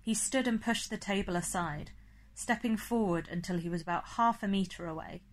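A woman narrating an audiobook in a steady, clear storytelling manner. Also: mid-range voice, moderate pace, slight background noise. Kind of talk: scripted narration.

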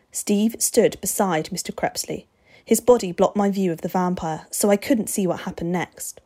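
A woman narrating a story aloud with expressive, steady delivery. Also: mid-range voice, normal speed.

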